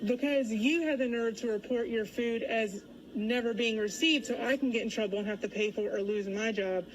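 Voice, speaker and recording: A woman's voice: a little high, brisk, crowd noise. A woman working as a delivery driver, insistently confronting a customer about a false report. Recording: noisy on-location clip.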